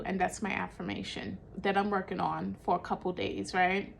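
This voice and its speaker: A woman's voice: mid-range voice, fairly even intonation, moderate pace, creaky, slight background noise. A woman hosting a spiritual guidance talk, explaining in a loose, conversational way with many fillers and self-corrections. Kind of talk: casual teaching monologue.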